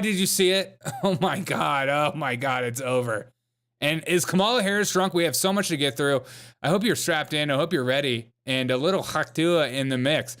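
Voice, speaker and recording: A man's voice: medium pitch, fairly bright tone. A man hosting a comedic political commentary show, mocking and joking as he laughs along. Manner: jokey, mocking, laughs often.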